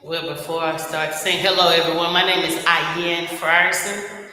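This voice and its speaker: A man speaks as an invited guest, sharing an earnest, reflective spiritual testimony with the occasional laugh. His voice is sharp, bright and a little high for a man. The room adds a heavy echo and a long reverb. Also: level tone, moderate pace. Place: church hall. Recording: echoey hall with long reverb.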